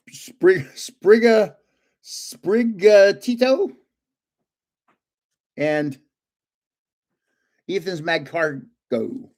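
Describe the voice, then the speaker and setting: A man's voice: a little high, creaky, a little mellow. An older man hosting a casual livestream from home, rambling through anecdotes and chuckling often. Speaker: livestream host.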